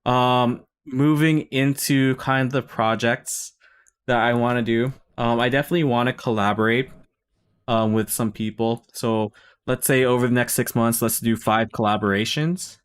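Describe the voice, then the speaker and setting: In a mid-range, clean-toned voice, a young male streamer chats loosely through his plans on stream. His accent blends Filipino and Bay Area speech, and his talk is rambling, with plenty of ums, restarts and corrections.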